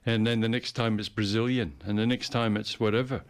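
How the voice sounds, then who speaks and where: A man's voice: lowish voice, steady tone, a little fast, few pauses, clear, resonant tone. A man in casual conversation, rambling and repeating words as he muses. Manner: rambling, repeats words, puts on playful voices. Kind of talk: casual chat.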